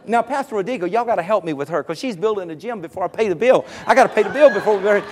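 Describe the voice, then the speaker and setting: Male pastor with a high voice, preaching from the pulpit, lively storytelling. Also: very fast, slight background noise. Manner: animated, rises to exclamations of praise. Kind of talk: sermon storytelling.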